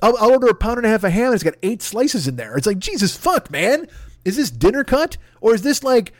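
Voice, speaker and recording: A man's voice: sits high, very animated, fairly quick, no echo. A man hosting a podcast, ranting in exasperated comic bursts full of profanity. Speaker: podcast host. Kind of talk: comedic rant. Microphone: podcast microphone.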